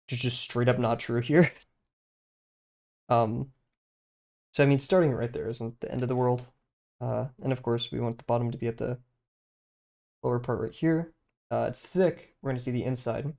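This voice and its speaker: Mellow-voiced man thinking aloud while drawing. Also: medium pitch, steady tone, normal speed, vocal fry, long pauses. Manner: rambling, hesitant, many fillers and restarts; self-deprecating, laughs easily. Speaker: streamer learning to draw.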